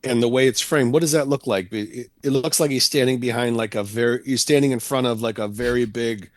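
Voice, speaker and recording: A man's voice: medium pitch, brisk, dry recording. A man co-hosting a casual movie podcast, teasing his friends and pointing out details on screen. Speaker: podcast co-host. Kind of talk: casual chat.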